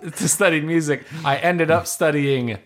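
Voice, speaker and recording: A man's voice: fairly high pitch, moderate pace, crowd noise. A young man from Virginia in casual podcast chat, joking and boasting with friends.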